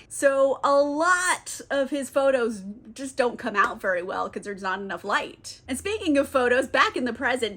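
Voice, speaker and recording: Young woman, higher-pitched, casual vlog recapper, chatty and sweary. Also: fairly bright tone. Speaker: TV recap vlogger.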